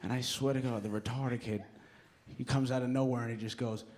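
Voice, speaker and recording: A man's voice: mid-range voice, fairly even intonation, fairly quick, darkish tone. A young man performing a crude, self-mocking stand-up comedy set on a club stage. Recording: live club recording with audience noise.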